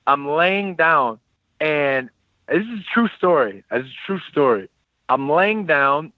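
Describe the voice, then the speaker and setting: A man in his thirties telling stories as a podcast guest, animated and slangy, often repeating his phrases. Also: a little high, no echo. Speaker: podcast guest, former football player. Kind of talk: casual storytelling interview. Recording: tinny phone-like line, dry.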